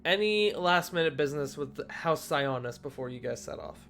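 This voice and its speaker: A man narrating as the game master of a tabletop game, easygoing and quick to laugh. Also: a little high, lively intonation, a bit bright.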